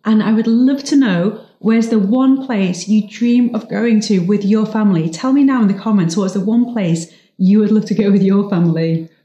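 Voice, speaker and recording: A woman's voice: mid-range voice, moderate pace, hardly any pauses, warm tone, roomy sound. A young woman vlogging about family travel, chatty and upbeat, with self-mocking asides. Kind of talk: family travel vlog narration.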